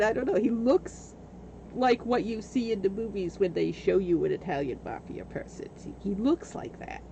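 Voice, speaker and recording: A woman vlogger telling a story in a casual, animated way. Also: medium pitch, moderate pace, creaky, highs cut off, slight background noise.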